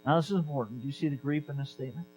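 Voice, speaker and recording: Animated high-voiced male pastor. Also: very fast, slight background noise, poor audio. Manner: animated, conversational preaching with repetition. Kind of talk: sermon.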